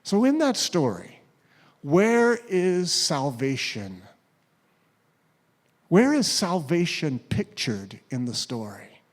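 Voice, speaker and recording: Slow, high-voiced preacher man. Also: very animated. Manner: storytelling with acted quotes, dropping to a hush at key points. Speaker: pastor. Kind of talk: sermon.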